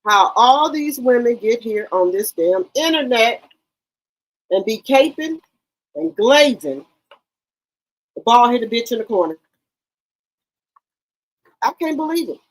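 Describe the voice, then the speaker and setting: A woman's voice: fairly high pitch, expressive, slow, long pauses, low-quality recording. A woman hosting a casual livestream, chatting brashly with her viewers and swearing freely. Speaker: livestream commentary host.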